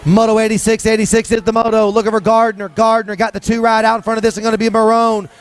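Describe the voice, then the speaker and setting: A man with a high, bright voice calls live BMX racing outdoors. He rattles off riders and plate numbers in a quick, rhythmic, sing-song patter. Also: little pitch movement, smooth. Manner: rapid-fire rhythmic calling, sing-song hype. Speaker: race announcer. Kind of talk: live BMX race commentary. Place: outdoor race track.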